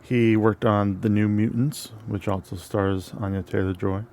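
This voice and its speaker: A man's voice: lowish voice, flat delivery, measured pace, darkish tone, a little hiss or hum. Laid-back man reading film trivia. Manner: reads off crew facts, laid-back. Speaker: podcast co-host. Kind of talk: casual chat.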